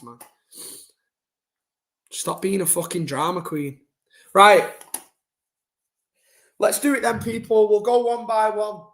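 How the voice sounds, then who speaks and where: A man's voice: high voice, steady tone, slow pace, long pauses, fairly bright tone. A young man ranting bluntly and casually to his chat during a football live stream, swearing and using slang.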